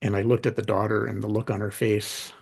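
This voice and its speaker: A middle-aged man, a podcast guest and author, talking in a relaxed, conversational way and acting out the voices in his anecdotes. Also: fairly low pitch, a little fast, vocal fry, slightly rough. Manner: animated anecdotes, acts out quoted dialogue. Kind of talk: conversational storytelling.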